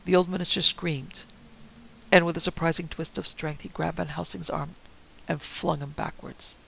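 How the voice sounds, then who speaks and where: A man narrating a story in a steady, theatrical manner. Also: a little high, normal speed, creaky, husky, rough recording. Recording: faint hiss.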